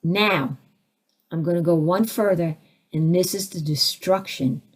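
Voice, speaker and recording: A woman leading a live spiritual teaching session, taking audience questions and acting out the voices of people she describes with big jumps in pitch. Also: a little slow, noisy background. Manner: takes audience questions, conversational asides.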